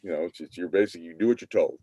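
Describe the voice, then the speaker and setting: A man's voice: sits low, very fast, mellow, no room sound. A man in his fifties, a guest on a video-call interview, reminiscing in an easygoing way with lots of fillers. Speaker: guest, former team manager.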